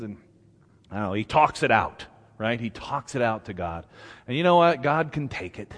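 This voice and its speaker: A man's voice: on the high side, expressive, normal speed, fairly bright tone, long reverb tail. A man preaching a sermon as pastor, conversational and humorous, acting out scripture stories. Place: church sanctuary.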